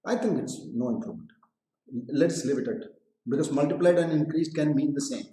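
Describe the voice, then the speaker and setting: A man with an Indian English accent teaches a live online English lesson, talking straight to his students and repeating each point. His voice sits a little high and sounds mellow. The room adds a noticeable echo. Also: brisk. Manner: explains patiently, repeats phrases, mixes in Hindi; addresses students directly with questions. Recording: echoey room.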